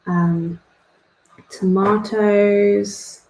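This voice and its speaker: Chatty young woman with a gravelly voice. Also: medium pitch, fairly even intonation, drawn-out words, warm tone. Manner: rambling and self-deprecating, laughs at herself. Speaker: art club host. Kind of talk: chatty drawing tutorial. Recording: echoey room.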